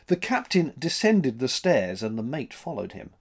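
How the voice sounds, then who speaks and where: A man reading a story aloud as narrator, in an expressive, dramatic manner. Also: medium pitch, normal speed, hardly any pauses, husky.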